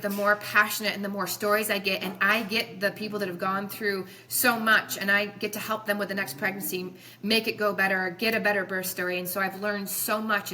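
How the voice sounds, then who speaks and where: Earnest bright-voiced woman chiropractor. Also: medium pitch, a little hiss or hum. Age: 40s. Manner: earnest, passionate, rambling with restarts. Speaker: chiropractor guest. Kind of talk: emotional podcast storytelling.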